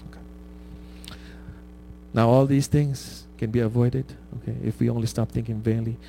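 A man's voice: medium pitch, little pitch movement, a little slow, vocal fry, warm tone, slight background noise. A man preaching a conversational sermon, often asking "right?" and laughing at his own stories.

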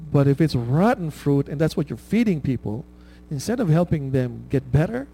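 A man's voice: fairly high pitch, very animated, normal speed, vocal fry, warm tone, a little hiss or hum, rough recording. A man preaching a conversational sermon, checking in with his listeners with "right?" and laughing at his own stories. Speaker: pastor.

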